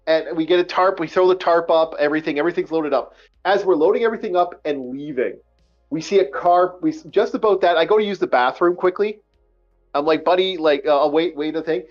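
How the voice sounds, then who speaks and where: A man hosting a podcast, telling a story in an animated, profane, casual way and acting out the dialogue. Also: high-pitched, brisk, faint music behind. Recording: dull lo-fi recording.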